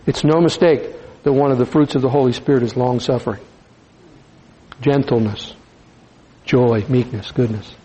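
Male preacher, relaxed and folksy, soft-spoken emphasis. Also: mid-range voice, moderate pace, pauses often, husky, rough recording. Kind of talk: sermon.

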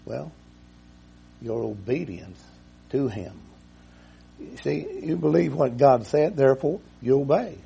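A man's voice: medium pitch, expressive, takes it slowly, gravelly, pauses often, dark tone, slight background noise. A man preaching a folksy sermon to his congregation, repeating himself and telling a homespun story. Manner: folksy, repetitive, chuckles at own jokes.

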